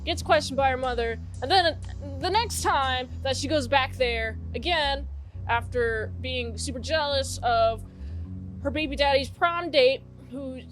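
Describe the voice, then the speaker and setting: A woman's voice: high-pitched, unhurried, faint music behind. A young woman casually retelling a movie's plot for a review, rambling, swearing now and then and laughing at her own asides.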